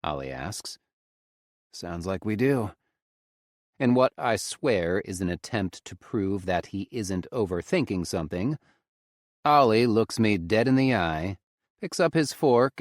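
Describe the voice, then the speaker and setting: A man narrates a romance audiobook in first person, low and intimate, close on a studio mic with no echo.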